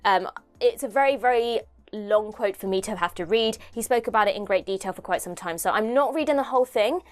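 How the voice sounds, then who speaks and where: A woman's voice: mid-range voice, fairly quick. A young woman from the United Kingdom hosting a casual video commentary, chatty and self-deprecating, thinking aloud as she talks. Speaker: host.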